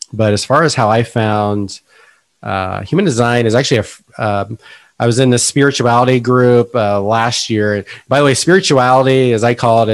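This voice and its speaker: A man's voice: lowish voice, no echo. An American man as a podcast guest, chatting casually in an eager, rambling way. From United States. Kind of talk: casual interview chat.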